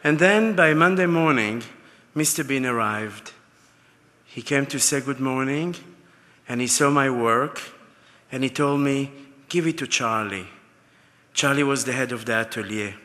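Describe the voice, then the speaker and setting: Guy giving an award speech, warm heartfelt stories, bright tense voice, big reverby hall. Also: medium pitch, measured pace. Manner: heartfelt, anecdotal storytelling. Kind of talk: acceptance speech. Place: large gala ballroom.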